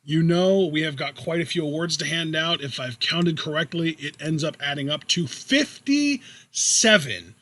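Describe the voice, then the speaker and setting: A man's voice: on the high side, expressive, moderate pace, bright, forceful tone. A man co-hosting a wrestling podcast, talking casually and playfully while saving his voice. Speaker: podcast co-host.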